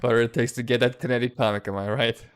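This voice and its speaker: Speaking very fast in a mid-range voice with a steady, clear and resonant tone, a comics creator holds a casual live-stream chat. He lives outside the US and stays laid-back, laughing often and cursing freely.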